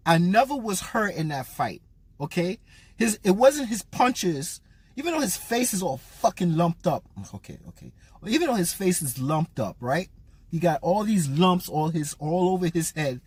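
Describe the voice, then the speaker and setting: A man's voice: high voice, breathy edge, dry recording. A man giving a blunt, profane, mocking rant as a boxing commentator.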